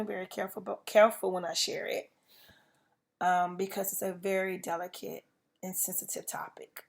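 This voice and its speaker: A woman's voice: lowish voice, gravelly. A woman, hosting a podcast and speaking tenderly and earnestly to listeners with many "you know" fillers. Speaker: podcast host. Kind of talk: personal reflection to listeners.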